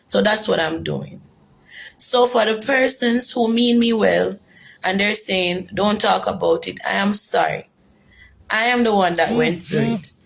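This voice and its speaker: A woman's voice: mid-range voice, measured pace, vocal fry. A young Jamaican woman giving an earnest, emotional personal testimony, repeating herself for emphasis. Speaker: former detainee telling her story.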